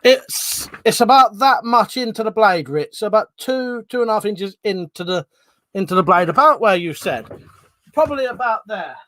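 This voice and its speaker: A man hosting a casual live stream, chatting and greeting viewers by name, with loud greetings and quieter mumbled asides. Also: high-pitched, expressive, normal speed, no room sound.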